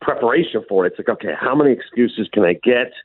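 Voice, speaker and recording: A man co-hosting a casual radio chat, telling stories in a lively way, calling in from away. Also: mid-range voice, fast, no echo. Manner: animated storyteller. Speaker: co-host. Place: remote, away from studio. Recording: tinny phone line, dry.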